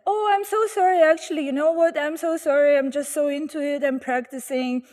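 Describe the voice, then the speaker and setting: A woman's voice: high-pitched, fairly even intonation, fairly quick, a little mellow, in a large hall, lightly acted. A woman voicing an overeager male air drummer who apologizes in a gushing rush. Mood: gushing apologetic.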